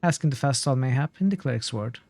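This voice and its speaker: A man reading aloud the lines of an old, superstitious woman in a game, voicing her fearful, folksy warnings in his own plain voice at a middling pitch. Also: animated, fast talker, darkish tone, no room sound. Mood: weary. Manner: archaic folksy speech, fretful warnings.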